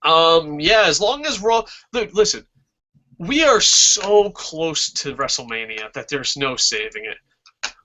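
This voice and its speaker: A man's voice: on the high side, slow pace. Foul-mouthed ranting male wrestling host. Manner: profane, ranting, excitable. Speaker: wrestling talk show host. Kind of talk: casual live-stream chat. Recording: dull lo-fi stream audio.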